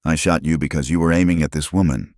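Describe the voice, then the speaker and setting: A man doing a calm proud warrior. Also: very deep voice, dry recording, studio quality. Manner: calm, measured, dignified.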